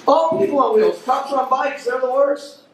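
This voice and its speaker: A man's voice: very high voice, a little hiss or hum. Brash stand-up man in an echoey club. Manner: brash, crowd-working, rapid punchlines. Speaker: stand-up comedian. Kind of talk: stand-up comedy set. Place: comedy club stage. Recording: echoey club recorded from a distance. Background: audience laughter.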